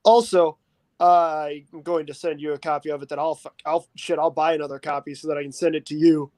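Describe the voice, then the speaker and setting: A man co-hosting a casual tabletop hobby chat, excitable and jokey, swearing freely. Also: fairly high pitch, fairly quick. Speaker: co-host.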